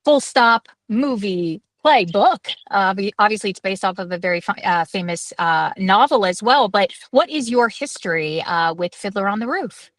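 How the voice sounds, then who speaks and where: A woman's voice: medium pitch, lively intonation, moderate pace, few pauses, no room sound. Upbeat woman hosting a video call. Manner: upbeat, filler-heavy. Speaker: host. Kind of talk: casual video-call interview.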